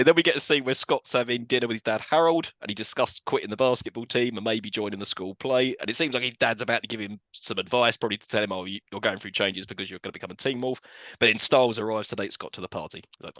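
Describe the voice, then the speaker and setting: A man recapping a film as co-host of a casual podcast, animated and quick. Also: medium pitch, dry recording. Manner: animated, quick storytelling with frequent laughs.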